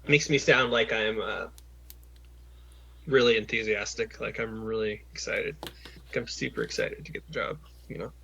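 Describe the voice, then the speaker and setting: A man's voice: fairly low pitch, steady tone, normal speed, vocal fry, sharp tone, a little hiss or hum. A man working as a job coach, talking someone through a phone call in a patient, encouraging way with lots of fillers and restarts, over a video call.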